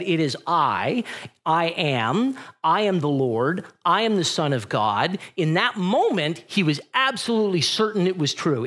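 A middle-aged man preaching a sermon, telling stories with animated energy and acting out the voices of the people in them. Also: fairly high pitch. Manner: animated storytelling, acts out voices in retellings. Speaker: pastor.

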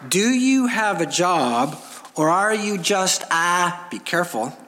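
A man's voice: high voice, sing-song, takes it slowly, sharp tone, heavily acted. A man voicing a prim, officious woman clerk who speaks curtly and emphatically, in a reverberant hall. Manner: curt, emphatic. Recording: long reverb of a large hall.

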